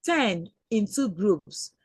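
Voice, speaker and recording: A woman teaching an online language lesson, speaking slowly and patiently and repeating words for learners. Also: medium pitch, very animated, darkish tone, husky, no echo. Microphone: video call.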